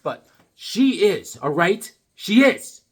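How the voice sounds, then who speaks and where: Male comic vlogger, high and lively voice, joking and rambling. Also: takes it slowly, husky. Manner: joking, rambling, animated riffing. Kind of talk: comedic casual monologue.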